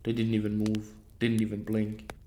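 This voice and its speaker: Man, horror narrator, scripted story, low voice, flat and even. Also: normal speed, slight background noise.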